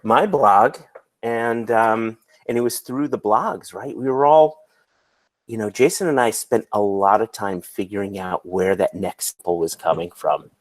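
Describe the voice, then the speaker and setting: A man's voice: on the low side, unhurried, dry recording. A man who is a guest on a podcast, casually telling earnest, rambling anecdotes. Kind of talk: casual chat.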